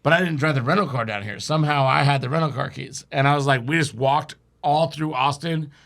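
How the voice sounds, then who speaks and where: A man with a gravelly, slightly high voice tells a long, rambling story on a podcast. He swears freely and laughs along as he talks. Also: brisk, fairly bright tone. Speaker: podcast guest. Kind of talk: casual storytelling.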